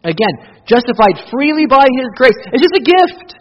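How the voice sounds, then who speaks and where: A man preaching a sermon. His high, husky voice rises and falls with lively emphasis, then drops to near-whispered intensity. The sound is dull and lo-fi, with long church reverb. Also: moderate pace. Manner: animated, swings from loud emphasis to hushed intensity. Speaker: pastor.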